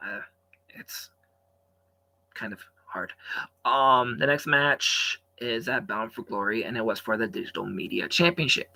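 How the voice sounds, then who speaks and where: A man talks through a wrestling show recap in a loose, rambling way, stopping and restarting his sentences. His voice sits at a middle pitch with a bright, sharp edge. He gets loud and keyed up in bursts, then drops back down. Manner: rambling, chatty, lots of fillers and restarts. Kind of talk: casual recap commentary.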